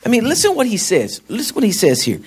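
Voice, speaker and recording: A man's voice: sits high, huge pitch swings, quick pace, breathy edge. A man preaching a sermon in a folksy way, with asides to the congregation. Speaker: pastor.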